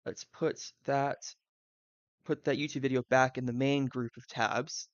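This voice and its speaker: A man's voice: medium pitch, flat delivery, a little slow, dry recording, muffled recording. A man from the Southern US, streaming live and thinking aloud, rambling with fillers and side tangents.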